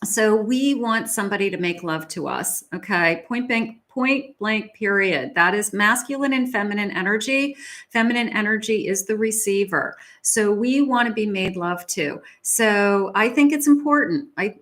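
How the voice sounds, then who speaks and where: A woman's voice: medium pitch, moderate pace, a bit bright. A middle-aged woman giving a live tarot reading, chatty and encouraging, laughing often and repeating her phrases as she talks to viewers. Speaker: psychic tarot reader. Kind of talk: live tarot reading, casual advice talk.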